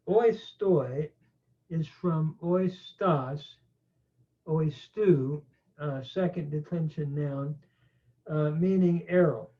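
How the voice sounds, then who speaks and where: A man teaching a slow grammar lecture, pausing often with fillers. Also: a little high. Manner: slow, halting, many "uh" fillers. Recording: tinny phone-like audio.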